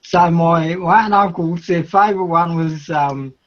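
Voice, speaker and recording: A man's voice: fairly high pitch, fairly even intonation. A man with an Australian accent chatting casually on a live stream, rambling and stretching his vowels. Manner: rambling, drawn-out vowels, laughs often. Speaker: co-host of a Lego stream. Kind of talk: casual chat. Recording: dull lo-fi stream audio.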